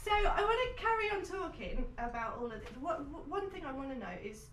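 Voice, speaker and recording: A British woman hosting a live web talk show, bubbly and quick to laugh. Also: sits high, very animated, a bit bright, a little hiss or hum. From Britain. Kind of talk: casual chat. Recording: roomy distant live web show audio.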